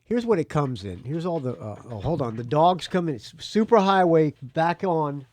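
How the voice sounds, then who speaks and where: Male podcast host, offhand rambling, very lively pitch, dry close sound. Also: moderate pace, no echo. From United States. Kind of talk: casual solo podcast talk.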